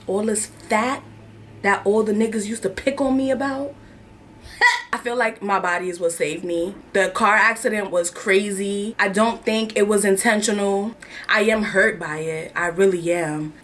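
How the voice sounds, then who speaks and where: A woman's voice: medium pitch, fairly even intonation, unhurried, a bit bright, a little hiss or hum. A young woman in her twenties from New York, telling a personal story to camera in candid, slangy, emotional chat. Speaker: vlogger. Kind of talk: casual confessional chat.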